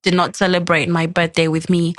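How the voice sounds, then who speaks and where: A woman's voice: fairly low pitch, brisk, no room sound. A young adult woman, a podcast guest, telling a personal story in casual chat and acting out the quoted lines. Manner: animated, acts out quoted dialogue.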